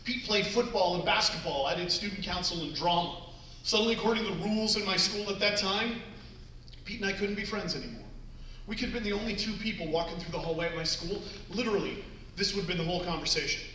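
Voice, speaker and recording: Speaking fast in a high, pushed, bright voice, a Canadian motivational speaker in his forties entertains students with a jokey talk and little acted scenes. He's on stage in a large hall, captured by a far-off mic in an echoey space with a little hiss or hum.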